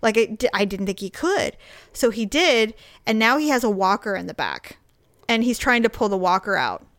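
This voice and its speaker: A woman telling a story in casual conversation, animated, acting out the voices of people she quotes and laughing often. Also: medium pitch, moderate pace, dry recording, clean studio sound.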